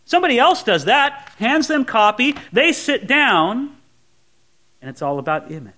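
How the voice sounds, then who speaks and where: At a moderate pace, a male pastor with a high voice preaches, acting out each scene with lively energy and switching between different character voices.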